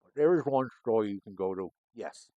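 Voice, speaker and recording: A man's voice: fairly low pitch, expressive, normal speed, dry recording, narrow, tinny audio. A middle-aged man, a former homicide detective hosting a cigar show, telling a story in a casual, rambling and profane way.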